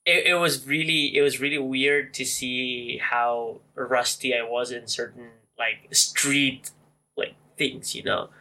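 A man's voice: slow, low-quality recording. A man co-hosting a podcast in casual chat, rambling and leaning on "like" a lot. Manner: animated, jumps into higher voices for quotes. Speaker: podcast co-host.

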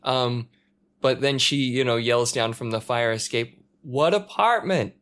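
A man in easy conversation, spinning an anecdote with animated energy. He throws himself into the quoted voices, jumping up into shouts and dropping back to a mutter. His pitch sits in an ordinary middle range. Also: unhurried, clean tone. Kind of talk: casual chat. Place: apartment in a multi-story building.

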